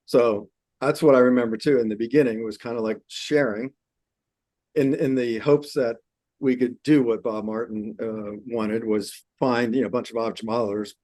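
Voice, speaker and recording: A man speaking as a guest in a casual panel conversation, relaxed and full of fillers. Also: mid-range voice, moderate pace, no echo.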